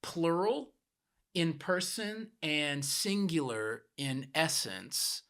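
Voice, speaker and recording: A man's voice: on the high side, animated, very slow, fairly bright tone. A man co-hosting a podcast, patiently teaching a point with plain everyday examples. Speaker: podcast co-host.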